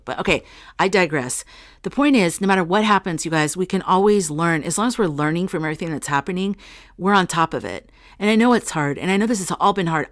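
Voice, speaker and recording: A woman's voice: lowish voice, no room sound, studio quality. A middle-aged woman hosting a casual spiritual vlog, rambling and talking straight to her viewers as she reads oracle cards. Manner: chatty and rambling, addresses viewers directly. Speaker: spiritual channel host.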